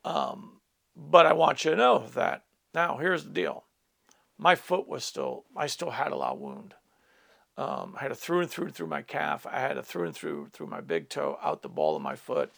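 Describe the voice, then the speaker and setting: A man's voice: medium pitch, sing-song, normal speed, creaky, fairly bright tone. A middle-aged man, a pastor, telling a personal testimony in a teaching talk, earnest, with asides to his listeners.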